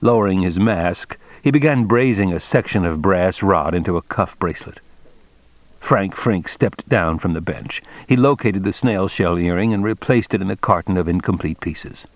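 A man narrating an audiobook in a measured, expressive reading style. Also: low voice, no room sound. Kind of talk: scripted narration.

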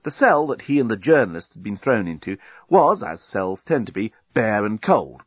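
A man narrating a comic science fiction story in a wry, measured way. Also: fairly low pitch, big pitch swings, slightly rough, no echo, highs cut off. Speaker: audiobook narrator. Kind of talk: scripted narration.

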